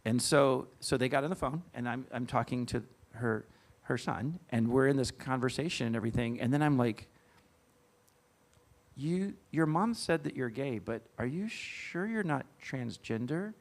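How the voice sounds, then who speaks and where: Gravelly middle-aged man telling a story. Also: medium pitch, lively intonation. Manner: earnest, halting with fillers and restarts. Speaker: guest speaker. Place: church event.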